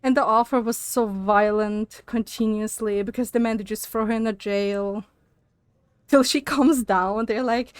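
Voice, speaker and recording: A woman's voice: on the high side, steady tone, a little slow, clean tone, no echo. A young woman streamer chatting casually while gaming, ranting and laughing with frequent swearing.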